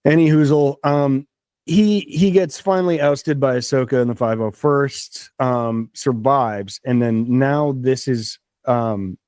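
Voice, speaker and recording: A man's voice: mid-range voice, moderate pace, a little mellow, no echo. A man hosting a casual podcast chat, rambling with enthusiasm and lots of fillers. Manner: chewing a snack while talking. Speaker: podcast host.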